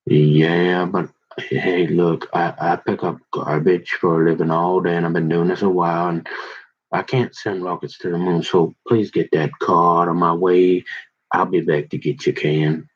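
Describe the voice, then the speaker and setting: A man doing a gruff, impatient garbage collector. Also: deep voice, level tone, normal speed, highs cut off, voice pushed down. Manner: blunt, tired, matter-of-fact. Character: gruff impatient male garbage truck worker.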